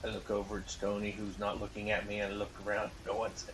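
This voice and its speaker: Male player, matter-of-fact, flat low voice, tabletop game. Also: fast, noisy background. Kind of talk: describing character actions in a game.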